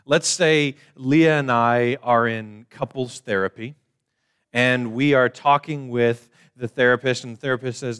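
A man's voice: mid-range voice, steady tone, unhurried, a bit bright, clean tone. A man preaching a conversational sermon to his church, explaining plainly and poking fun at his own jokes. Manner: casual, self-deprecating joking preacher. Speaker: pastor. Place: church service.

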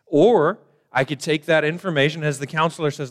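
A pastor at a church service preaches a conversational sermon in a slightly high voice, moving briskly with few pauses. He explains things plainly and pokes fun at his own jokes in a casual, self-deprecating way.

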